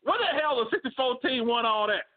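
A man co-hosting a casual sports debate, animated and slangy, laughing often. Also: very high-pitched, brisk. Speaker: podcast co-host. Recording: phone-like remote call audio.

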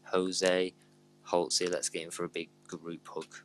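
A man's voice: low-pitched, monotone, measured pace, fairly bright tone, a little hiss or hum. A man co-hosting a podcast in joking, rambling casual chat. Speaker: podcast co-host.

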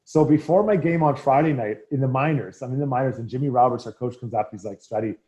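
A man's voice: mid-range voice, fast talker. A middle-aged man, a former hockey player, telling casual anecdotes in an interview and acting out the quotes. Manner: animated anecdotes, acts out quotes. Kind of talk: casual storytelling.

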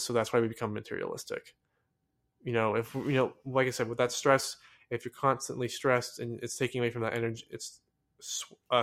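A young man from the United States hosting a solo podcast, rambling excitedly with many fillers and restarts in a casual monologue. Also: medium pitch. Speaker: podcast host.

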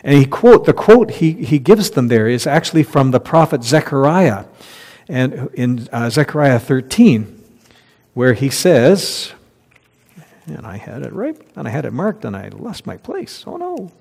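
A man's voice: mid-range voice, sing-song, unhurried, vocal fry, darkish tone. A man preaching a conversational sermon as pastor, reading scripture aloud and laughing at his own slips. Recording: long hall reverb.

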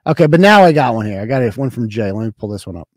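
A man's voice: mid-range voice, very animated, fast, darkish tone, no echo. A man hosting a livestream podcast, talking casually, blunt and profane, grilling a caller. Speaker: podcast host.

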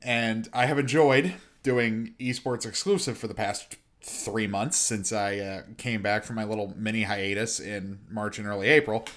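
A young man hosting a solo sports and gaming podcast, chatty and excitable, breaking into exasperated rants. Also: on the low side, moderate pace, hardly any pauses. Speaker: podcast host.

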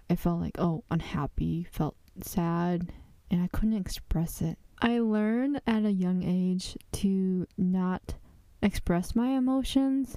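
A woman's voice: mid-range voice, dark tone, no echo. A woman hosting a podcast from her closet, speaking openly in a confessional way with many fillers. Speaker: podcast host. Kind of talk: candid personal podcast monologue.

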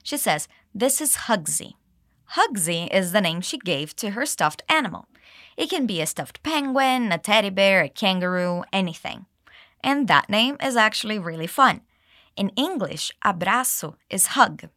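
A woman teaching English, explaining dialogue lines and modeling them slowly for learners to repeat. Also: mid-range voice, very animated, sharp tone, dry recording, clean studio sound. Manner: clear, slow modeling of phrases with exaggerated intonation. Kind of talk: English lesson with repeat-after-me drills.

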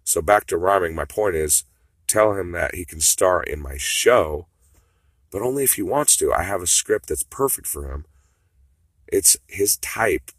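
Man, deep voice, husky, rambling profane rant, dry close sound. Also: animated, unhurried, fairly bright tone, dry recording. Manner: rambling, profane, swings between mutters and outbursts. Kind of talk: rambling monologue.

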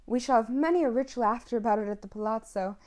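A woman voicing a drunken male nobleman, walled in and laughing nervously in a raised, loud voice. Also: fast, lightly acted. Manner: forced laughter, high and loud.

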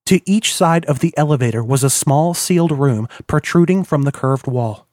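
A man narrates a novel in a measured, descriptive way. His voice sits a little high, and the recording is dry and close with no room sound. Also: animated, a little mellow, no echo. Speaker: audiobook narrator. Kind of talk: scripted narration.

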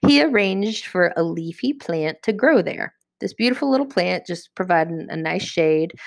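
A woman's voice: fairly low pitch, dry recording, clean studio sound. Chatty woman teaching scripture. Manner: lively, chatty, acts out characters. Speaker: podcast host. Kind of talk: casual Bible study teaching.

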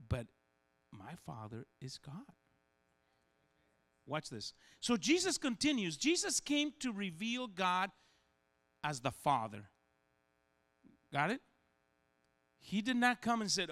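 Animated, gravelly-voiced male preacher. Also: fairly high pitch, moderate pace, long pauses. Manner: animated, acts out voices and dialogue, humorous asides. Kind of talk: sermon.

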